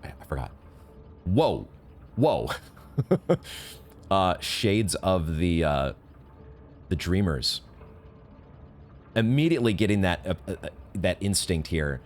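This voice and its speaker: A young man giving emotional live commentary on a video game, exclaiming often and reading game text aloud slowly. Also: sits low, big pitch swings, slight background noise. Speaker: let's play gamer. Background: game music.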